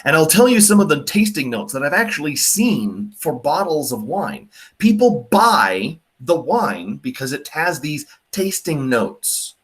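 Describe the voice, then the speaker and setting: A young male teacher lecturing in a loose, joking way. His pitch leaps around as he mocks ideas, and he stumbles through fillers and restarts. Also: a little slow. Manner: animated, mocking, lots of fillers. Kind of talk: classroom lecture.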